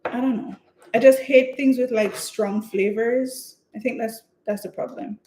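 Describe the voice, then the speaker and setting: A woman's voice: on the high side, steady tone, a little slow, a little mellow. A woman chatting casually and telling rambling stories while baking at home on a live stream. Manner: chatty, rambling storyteller with laughs. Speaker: home cook vlogger. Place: home kitchen. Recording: echoey room, faint noise.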